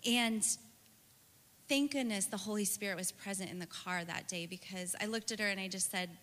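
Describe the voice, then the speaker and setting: Bright-voiced woman giving a devotional talk. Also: mid-range voice, normal speed, long reverb tail. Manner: earnest, personal, with frequent "right" fillers. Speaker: speaker at a church women's gathering.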